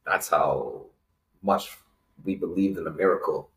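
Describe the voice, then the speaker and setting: Deep-voiced young man, earnest and emotional. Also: unhurried, echoey room, rough recording. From Canada. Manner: earnest and emotional, with many fillers. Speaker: interview guest. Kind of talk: reflective personal story.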